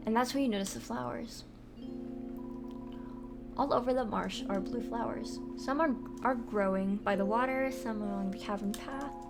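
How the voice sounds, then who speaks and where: A young woman streamer reading a visual novel aloud in a storybook narration with small slips. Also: medium pitch. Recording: music playing underneath. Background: background music.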